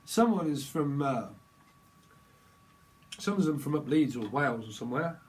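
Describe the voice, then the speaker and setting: A man reads tarot for his channel in a loose, rambling way, full of jokes and tangents. His speaking voice sits a little on the higher side. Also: lively intonation, normal speed. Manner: jokey and rambling, slips into silly voices and snatches of song. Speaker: tarot reader. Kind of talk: rambling tarot reading vlog.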